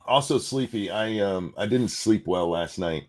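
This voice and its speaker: A man's voice: fairly low pitch, measured pace. A man hosting a casual morning stream, wry and joking as he shrugs off his aches. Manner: wry, lively, joking about pain. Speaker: podcast host.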